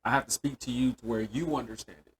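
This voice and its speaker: A man in easygoing conversation who slips into other voices as he tells a story. His pitch sits in the middle, and a faint hiss of noise runs under the recording. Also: fast talker. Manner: animated storyteller who acts out quoted dialogue. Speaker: podcast co-host. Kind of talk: casual chat.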